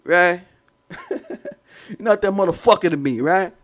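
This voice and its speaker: A man's voice: high voice, animated, takes it slowly. A man hosting a livestream, ranting in a profane, rambling way and talking to his chat. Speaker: livestream host. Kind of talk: casual livestream rant.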